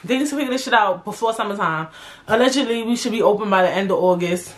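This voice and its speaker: A woman's voice: mid-range voice, fast. A young woman hosting her own podcast, ranting casually and profanely, repeating lines for emphasis. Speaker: podcast host. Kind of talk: casual rant.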